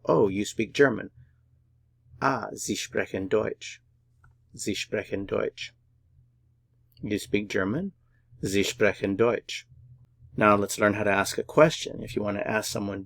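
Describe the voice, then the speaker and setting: A man's voice: fairly low pitch, no room sound. A man teaching a beginner language lesson, patiently repeating each word several times and sounding it out syllable by syllable. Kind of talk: slow, syllable-by-syllable pronunciation lesson.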